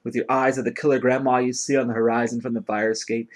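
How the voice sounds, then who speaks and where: A man's voice: mid-range voice, level tone, fast. A man giving a dramatic reading of a long poem in an incantatory, chanting rhythm. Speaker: poetry reader.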